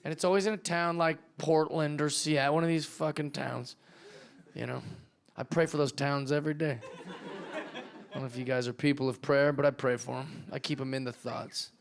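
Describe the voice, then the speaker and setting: A male stand-up comedian doing a brash, profane set, slipping into quick character voices. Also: fairly high pitch, steady tone, vocal fry. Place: comedy club stage with live audience. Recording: live club set with loud crowd laughter. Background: audience laughing.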